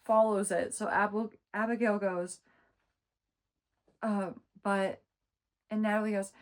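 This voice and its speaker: A woman's voice: mid-range voice, slow pace, pauses often. Exasperated woman ranting about a book. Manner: exasperated, ranting, swears freely; expressive, emphatic. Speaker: book reviewer. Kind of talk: casual vlog book review.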